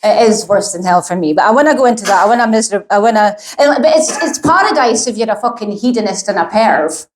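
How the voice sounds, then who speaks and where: A woman's voice: mid-range voice, lively intonation, fast talker, few pauses. A woman doing a stand-up set, talking bluntly and rambling with heavy swearing, at a live comedy venue. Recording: roomy echo.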